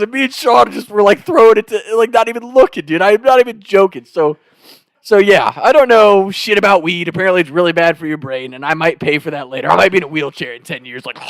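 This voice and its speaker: A man's voice: high-pitched, no room sound. A young man telling a wild story in casual chat, swearing often and laughing as he goes. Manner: animated, profane, laughing.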